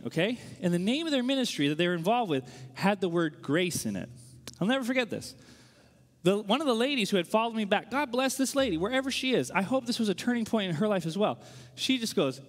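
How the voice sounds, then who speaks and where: A man preaching as a pastor, telling a story in an animated, conversational way full of quick asides. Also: high-pitched, big-room sound. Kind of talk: sermon storytelling.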